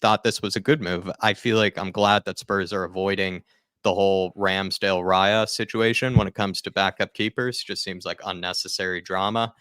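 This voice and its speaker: A man with a low, bright, forceful voice hosts a casual fan podcast. He rambles and leans on fillers as he talks over a remote call. The sound is dry and close. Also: steady tone, normal speed, clean tone, dry recording. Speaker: podcast host.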